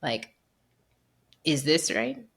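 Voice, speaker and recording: A woman hosting a podcast, talking in an animated, chatty way, often laughing and acting out what people say. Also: low voice, very slow, breathy edge. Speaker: podcast host. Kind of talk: casual conversation.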